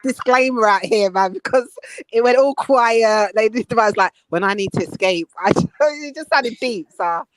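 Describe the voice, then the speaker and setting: A woman's voice: fairly high pitch, moderate pace, no room sound, rough recording. A woman chatting and laughing easily on an online group call. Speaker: panelist. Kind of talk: casual group chat.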